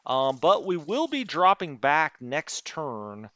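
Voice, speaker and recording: A man's voice: a little high, big pitch swings, slow pace, pushed and bright, muffled recording. A man streaming a strategy wargame, muttering through unit numbers and chatting with his live chat. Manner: thinks aloud, muttering over unit numbers.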